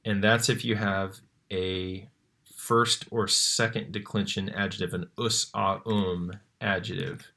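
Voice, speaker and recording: A man teaching Latin grammar in a relaxed tutorial, often checking in with "right?" and "okay?". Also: sits low, slow, creaky, a little hiss or hum. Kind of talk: tutorial walking through a screen lesson.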